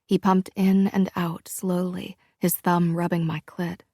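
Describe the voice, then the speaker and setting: A woman slowly and intimately narrates a first-person romance audiobook in a low-pitched, gravelly, slightly mellow voice with a flat delivery. The recording is dry and close, with no echo.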